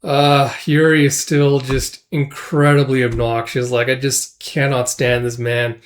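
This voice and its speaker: A man's voice: mid-range voice, flat delivery, a little slow. A man giving a casual, rambling review of a manga chapter, full of filler words and loose run-on thoughts. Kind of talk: casual recap and commentary.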